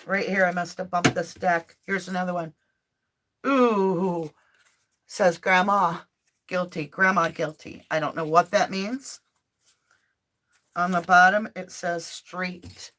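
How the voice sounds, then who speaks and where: A woman with a somewhat low voice hosts a casual live tarot reading from her home office. She chats with viewers in a loose, informal way and slips into spoken prayers. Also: steady tone, slow pace, long pauses, fairly bright tone. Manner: chatty and informal, often addressing viewers directly. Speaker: tarot reader hosting a live stream.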